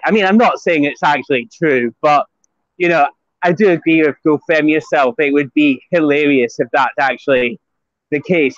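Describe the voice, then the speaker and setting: A man's voice: on the high side, normal speed, no room sound, highs cut off. A man with a Scottish accent, a guest in a casual online chat, talking with many fillers and restarts. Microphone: phone.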